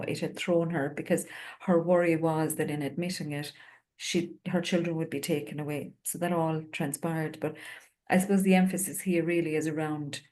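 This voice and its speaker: An Irish woman with a low voice tells a story from her work as a home visitor. She speaks earnestly and reflectively, pausing on fillers as she goes. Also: a little mellow. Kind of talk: panel discussion storytelling.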